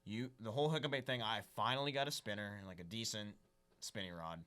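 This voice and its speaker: A man's voice: lowish voice, quick pace, pushed and bright. A young man telling casual, rambling fishing stories as a podcast guest, saying "dude" a lot. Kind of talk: casual storytelling chat.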